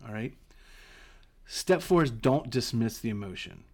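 A man's voice: medium pitch, animated, measured pace, a little mellow. Earnest man coaching on a podcast. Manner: earnest, repeats words when starting phrases. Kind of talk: solo podcast teaching.

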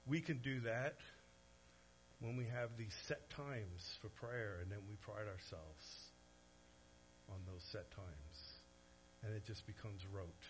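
Animated male preacher, swinging loud and soft. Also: fairly low pitch, slow pace, pauses often, slight background noise, poor audio. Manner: conversational asides to the audience. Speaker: pastor. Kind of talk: sermon.

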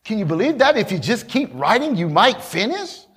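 High, animated preaching man. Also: breathy edge. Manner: preaching, rising to shouts, with quick asides to the congregation. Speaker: pastor. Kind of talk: sermon.

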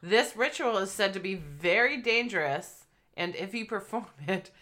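A woman's voice: mid-range voice, expressive, moderate pace, pushed and bright. A woman co-hosting a casual podcast chat, reading out a ritual and giggling and swearing as she goes. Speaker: podcast co-host.

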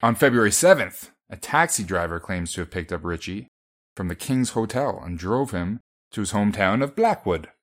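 Low-voiced Canadian man telling a story. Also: expressive, moderate pace. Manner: storyteller, reads out timeline, wry. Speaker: podcast co-host. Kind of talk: casual chat retelling a true story.

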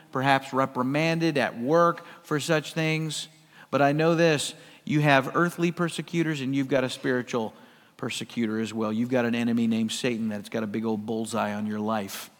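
A middle-aged pastor from the US West Coast preaching a conversational sermon, swinging between loud and hushed. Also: male voice, a little high, long reverb tail.

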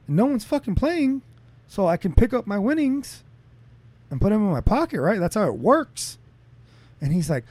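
A man's voice: moderate pace, pauses often, no echo. A man co-hosting a casual chat, telling stories with lots of swearing, his voice rising sharply when he gets heated. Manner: animated, profane storytelling that climbs in pitch when heated.

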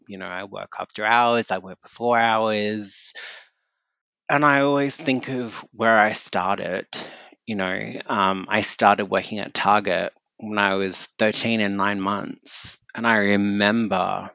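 A man's voice: on the low side, steady tone, unhurried, gravelly, sharp tone, no room sound. A man as a podcast guest, talking bluntly and candidly about work and the holidays. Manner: candid and blunt, swears freely. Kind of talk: casual conversation.

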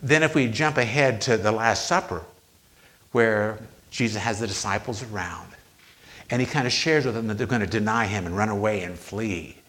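A man preaching a sermon, retelling scripture with slow, emphatic pauses on quoted lines. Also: fairly low pitch, fairly bright tone.

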